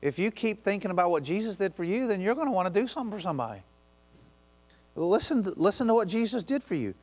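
A man preaches a sermon with a slightly high voice. He talks to the congregation in a conversational way, with quick acted asides, and presses them hard when he urges them on. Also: very animated, darkish tone. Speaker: pastor.

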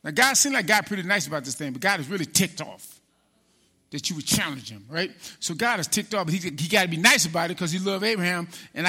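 High, piercing, animated male preacher. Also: fast talker, breathy edge. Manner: animated preaching with call-and-response; acts out biblical figures in quoted speech. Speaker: pastor. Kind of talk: sermon.

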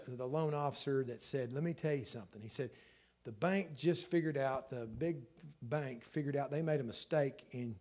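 A middle-aged man, preaching a sermon in an emotional storytelling way that swells loud at the peaks. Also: a little high. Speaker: pastor.

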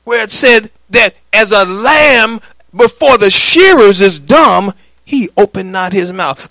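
A middle-aged man preaching a sermon, swinging from loud declarations to hushed lines and calling for the congregation's answer. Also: sits high, expressive, slow, creaky, no echo. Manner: calls for congregation response. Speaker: pastor.

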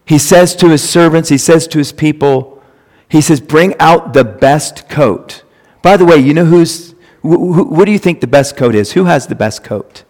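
A male pastor with a slightly high, a little mellow voice delivers an emphatic sermon at normal speed, repeating phrases for stress. The church sanctuary gives it the long reverb of a church hall.

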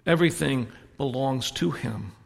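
A man preaching in a church, telling stories and swinging between soft reflective moments and animated punchlines. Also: medium pitch, normal speed, creaky, in a large hall. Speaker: pastor. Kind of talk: sermon. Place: church sanctuary.

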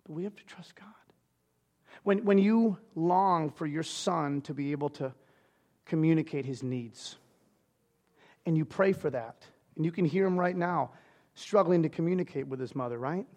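A man in his thirties preaching with a high, light voice. He swings between loud, animated urging and soft, hushed passages, talking in a casual, personal way from the pulpit. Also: normal speed. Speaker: pastor. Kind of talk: sermon.

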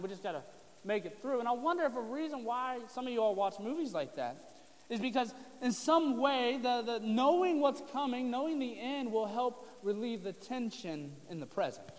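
A man preaching a sermon to his congregation in a casual, conversational way, with joking asides. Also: sits high. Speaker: pastor. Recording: long reverb of a hall.

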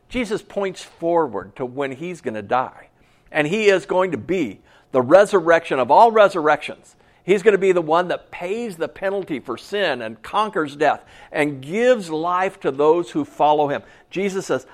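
A man preaching a sermon as pastor in a church, animated and joking with his congregation between scripture readings. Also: on the high side, moderate pace. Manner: lively preaching with jokes aside to the congregation.

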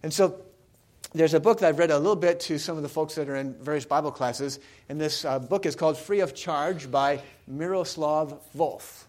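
A man's voice: fairly high pitch, normal speed, darkish tone. A man preaching a sermon, talking casually with the congregation and asking them questions. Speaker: pastor.

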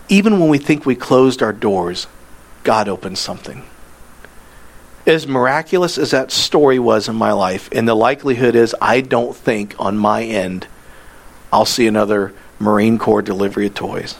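Animated storytelling male pastor. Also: medium pitch, moderate pace. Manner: animated storyteller acting out dialogue, drops to soft intimate tone. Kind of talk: sermon storytelling.

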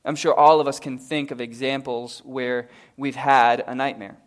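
A man, a pastor and father, preaching a sermon at a live church service. He tells stories, rising to loud, emphatic peaks and dropping to hushed, quiet passages before leading a prayer. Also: mid-range voice, fairly even intonation, moderate pace. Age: adult, father of a young daughter.

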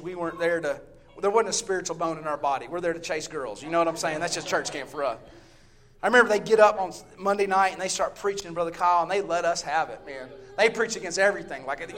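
A middle-aged man with a Southern US accent preaches a sermon in church. His voice sits high, and he tells stories with loud, shouted peaks and hushed asides. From Southern US, Texas. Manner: loud, storytelling, swings between shouting and quiet asides.

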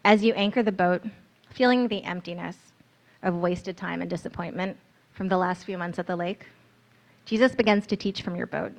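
Low gravelly woman narrating. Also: steady tone, normal speed. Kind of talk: guided scripture meditation in second person.

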